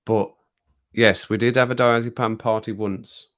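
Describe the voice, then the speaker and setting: A man's voice: on the low side, steady tone, measured pace, fairly bright tone. A man hosting a casual livestream chat, rambling through stories and laughing often. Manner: chatty, rambling storyteller who laughs often. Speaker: livestream host. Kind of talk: casual chat with viewers over a drink.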